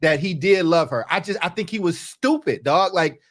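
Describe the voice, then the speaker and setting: A man with a high, light voice talks through a film on a review podcast. He is animated and emphatic, with plenty of slang and rhetorical "right?" checks. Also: moderate pace. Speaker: podcast co-host. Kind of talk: casual movie review chat.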